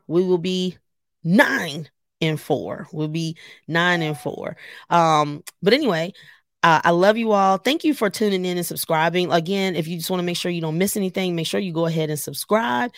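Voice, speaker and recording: A woman's voice: fairly low pitch, fairly quick, no echo. Candid chatty woman podcaster, dry sound. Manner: chatty, candid, encouraging, addresses listeners as y'all. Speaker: podcast host. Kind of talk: casual personal podcast monologue. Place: in a car on the way to a game.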